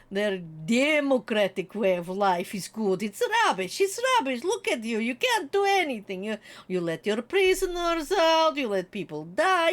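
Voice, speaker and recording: A woman's voice: a little high, creaky, fairly bright tone, full character voice. A woman putting on a gloating communist strongman in broken English, smug and sing-song. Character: gloating mock-Russian communist strongman, older man.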